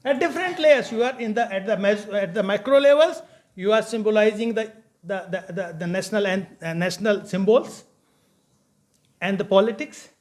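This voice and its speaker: A man giving an academic conference lecture, emphatic and halting, with frequent restarts. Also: high voice, a little mellow. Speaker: conference speaker.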